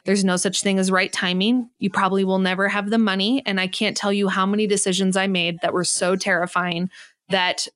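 A woman's voice: on the low side, a bit bright. A woman business coach, a guest on a podcast interview, talking in an emphatic, preachy motivational way.

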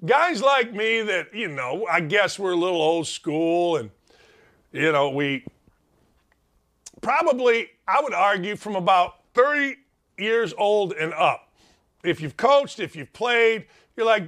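High, lively ranting male sports host. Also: takes it slowly. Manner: emphatic, ranting, rhetorical questions. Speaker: sports talk show host. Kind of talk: opinionated sports radio monologue.

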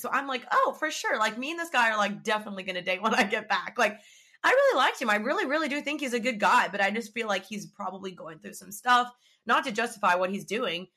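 A woman's voice: mid-range voice, bright, forceful tone. A young woman hosting a podcast, chatting casually and animatedly retelling her story with quoted back-and-forth. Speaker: podcast host.

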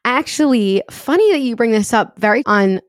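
A woman's voice: on the high side, expressive, normal speed, no room sound, studio quality. A woman hosting a podcast in casual chat, talking in a chatty way with frequent "like" fillers. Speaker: podcast host.

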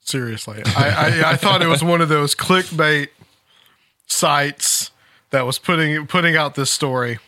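A man's voice: fairly high pitch, a little slow, pushed and bright, no echo, studio quality. A man hosting a casual talk show, reading a news story aloud and laughing at it. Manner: amused, laughs while reading. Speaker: podcast host.

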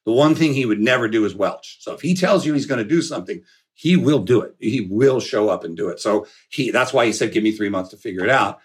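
Animated storytelling man, middle-aged. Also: on the low side, fast. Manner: animated storyteller, acts out quoted voices. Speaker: guest, son of an actor. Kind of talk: casual podcast storytelling.

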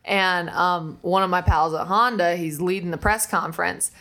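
A woman co-hosting a podcast, telling lively stories in casual chat, laughing often and acting out quotes. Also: lowish voice, moderate pace. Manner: animated storyteller, laughs often, acts out quotes. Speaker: podcast co-host.

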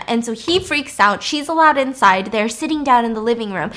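A chatty woman recapping a film plot in a loose, animated way, full of filler words. Her voice sits a little higher than most women's. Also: a little fast.

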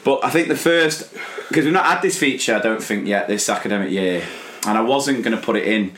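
A man who teaches, co-hosting a casual podcast and reading listener stories aloud with lively quoted voices. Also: on the low side, brisk, a little hiss or hum. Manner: animated, puts on voices for quotes.

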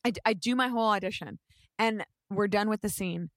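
Young woman, twenties, podcast co-host; animated storyteller who acts out quotes; dry recording. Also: medium pitch, brisk, dry recording. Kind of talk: casual chat.

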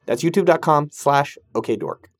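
A man's voice: fairly high pitch, expressive, moderate pace, no echo, clean studio sound. A man hosting a podcast, answering listener questions in a casual, jokey, slangy way. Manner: jokey and slangy, full of banter. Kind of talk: casual, hyped Q&A talk.

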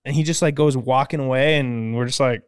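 A man's voice: mid-range voice, fairly even intonation, fairly quick, clear, resonant tone, no echo, clean studio sound. A young man, co-hosting a casual chat, telling stories with laughs and casual swearing. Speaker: podcast co-host.

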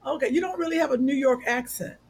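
A woman from Cleveland hosting a casual podcast chat, playful and teasing, with loud bursts of laughter. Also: high voice, quick pace, rough recording. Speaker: podcast host.

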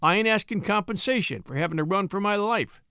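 A man's voice: high voice, animated, fairly quick, sharp tone, clear, resonant tone, dry recording, clean studio sound, pitched above the performer's own voice, full character voice. A man doing a grim frontier blackmailer. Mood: menacing. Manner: drawling backwoods dialect, menacing. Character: grim rough frontier blackmailer, male, middle-aged.

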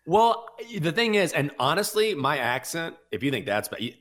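A man's voice: on the high side, very animated, moderate pace, fairly bright tone. A man in his fifties with a Southern American accent, hosting a sports betting podcast in casual, rambling chat. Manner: rambling, self-reflective, restarts often.

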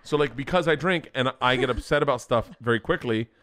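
A man's voice: medium pitch, fairly quick, a bit bright. A middle-aged man, a podcast guest, chatting casually and telling rambling, profane stories. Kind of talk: casual chat.

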